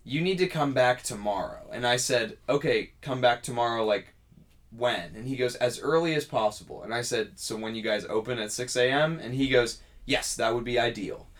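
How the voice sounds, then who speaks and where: A man's voice: mid-range voice, moderate pace. A man co-hosting a podcast, casually telling a long story and acting out the other people's lines. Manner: animated storyteller acting out dialogue. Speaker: podcast co-host.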